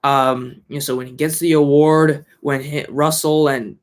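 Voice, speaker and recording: A man with a somewhat high voice talks through a film in a loose, casual way. He rambles, restarts his sentences and fills the gaps with fillers. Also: level tone, measured pace. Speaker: film reviewer. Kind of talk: casual chat.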